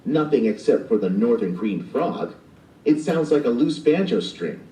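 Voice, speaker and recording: A man's voice: mid-range voice, sing-song, normal speed, warm tone, lightly acted. A man voicing an eager young boy who is obsessed with frogs, in an earnest, enthusiastic way. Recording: roomy, distant playback of an audiobook.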